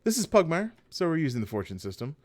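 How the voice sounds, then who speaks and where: Lively game master recapping the story. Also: male voice, fairly high pitch, quick pace. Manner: storyteller recap mixed with loose chatty asides and self-corrections. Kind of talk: narrating a tabletop game.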